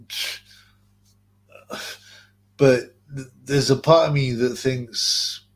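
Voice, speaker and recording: A man's voice: medium pitch, takes it slowly, long pauses. A man hosting a casual livestream, reading out chat messages and rambling bluntly, swearing and calling viewers bro. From England.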